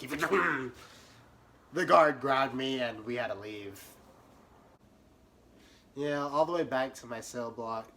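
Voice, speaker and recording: A young man telling a comic story about himself, animated, swinging from muttered asides to sudden yelps. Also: medium pitch, a little hiss or hum. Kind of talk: comedic storytime monologue.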